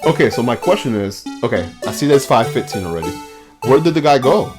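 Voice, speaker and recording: A man's voice: mid-range voice, sing-song, a little fast, music in the background. A man streaming a game, reading its dialogue aloud and laughing often. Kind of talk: casual game let's play.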